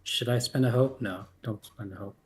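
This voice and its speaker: A man speaks as a tabletop player and his character, searching for words with frequent pauses. His voice is average in pitch and easygoing. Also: darkish tone, slight background noise. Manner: thinking aloud, many fillers. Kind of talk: tabletop role-play.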